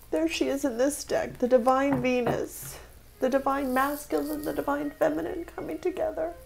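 A woman's voice: high-pitched, vocal fry, a little mellow, slight background noise. A woman giving a tarot reading, speaking with spiritual feeling and emotion, close to tears. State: tearful. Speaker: tarot reader.

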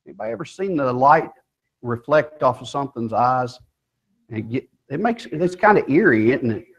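A man's voice: medium pitch, expressive, moderate pace, slightly rough. A male pastor preaching a sermon in a church, emphatic and firing rhetorical questions at his congregation.

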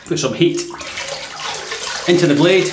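A man giving a casual running commentary while he shaves in a bathroom, talking quietly and thinking aloud with lots of fillers. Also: a little high, unhurried. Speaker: shaving video host. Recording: echoey bathroom with faint noise.

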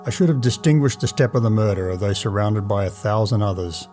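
A man reading a classic tale aloud in a measured, dramatic first-person narration. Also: fairly low pitch, animated, mellow, faint music behind. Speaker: audiobook narrator.

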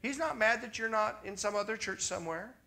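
A man's voice: high voice, fairly quick, vocal fry, pushed and bright. A Canadian man preaching a sermon in a conversational way, repeating his refrains and often checking in with the congregation.

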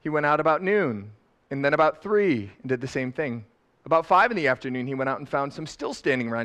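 Middle-aged pastor, lively sermon delivery, big swings from loud to quiet. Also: male voice, mid-range voice, quick pace. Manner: animated, laughing, swings from loud to soft. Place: church sanctuary.

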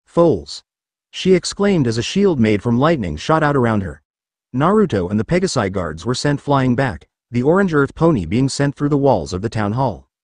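A man reading a fan story aloud as scripted narration, with an expressive delivery. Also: mid-range voice, moderate pace, dry recording. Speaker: story reader.

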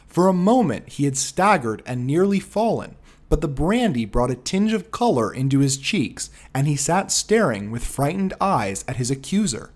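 A man narrating a classic detective story in a measured, expressive reading. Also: a little high. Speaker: audiobook narrator.

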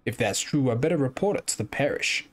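A man's voice: medium pitch, animated, quick pace, close to an everyday voice. A man reading a game note aloud as a rural bayou man, in a put-on Southern US accent with an exaggerated drawl. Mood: matter-of-fact.

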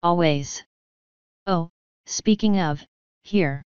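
A woman's voice: lowish voice, very slow, darkish tone, clean tone, dry recording. A woman voicing a young female pony mage, soothing and reassuring, in a storybook reading. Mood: calm. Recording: dull lo-fi dry recording.

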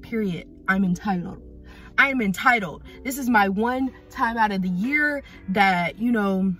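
A young woman in her twenties chats to camera in a casual vlog. She tells her stories with animated, slangy emphasis in a fairly high voice. Light music plays behind her. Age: 20s. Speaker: vlogger.

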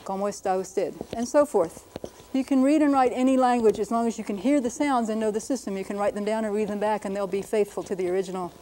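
Woman, linguist teaching a lesson, mellow voice, brisk explaining, faint hiss. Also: medium pitch, fairly even intonation, poor audio. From United States. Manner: explanatory, brisk, demonstrating sounds aloud. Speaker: linguist presenter.

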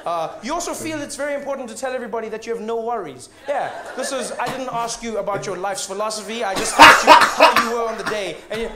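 A man doing a stand-up comedy set on a festival stage, animated and mimicking voices. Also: high-pitched, fast talker, hardly any pauses. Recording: echoey live venue with crowd. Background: audience laughter.

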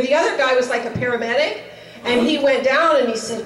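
A woman's voice: high-pitched, fairly quick. A woman telling a story at a chapel service, acting out the dialogue in a casual, conversational way. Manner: retells a story with quoted dialogue, conversational fillers. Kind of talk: sermon storytelling. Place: chapel hall. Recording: echoey hall, voice from far off.

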